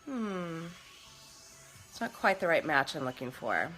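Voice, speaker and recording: A woman's voice: deep voice, very animated, a little slow, over music. A woman hosting a casual live makeup stream from home, chatty and bubbly as she talks to her viewers. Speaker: makeup livestream host.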